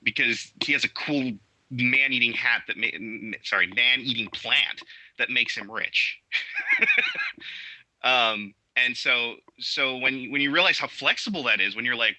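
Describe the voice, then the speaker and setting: Male guest, casual chat, enthusiastic, halting delivery full of restarts; tense, bright tone. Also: mid-range voice, no room sound, low-quality recording. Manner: halting, many restarts and fillers; enthusiastic storytelling. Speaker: podcast guest. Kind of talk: casual interview talk.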